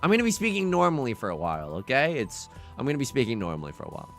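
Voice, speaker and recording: A young man giving live game commentary to his chat, jokey and animated, often stumbling and repeating words. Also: medium pitch, normal speed, faint music behind. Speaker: streamer.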